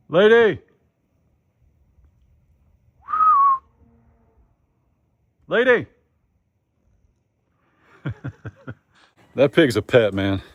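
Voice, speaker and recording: A man's voice: fairly low pitch, a little mellow. A man vlogging casually outdoors on his farm, chatting folksily and talking to his animals. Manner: folksy, talks to the animals in a singsong voice. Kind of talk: casual farm vlog narration.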